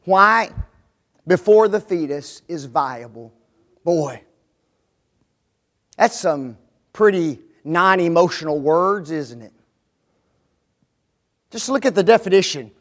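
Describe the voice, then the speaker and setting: A man's voice: a little high, lively intonation, slow, pauses often, fairly bright tone. A man preaching a sermon, driving his points home with emphatic rhetorical questions.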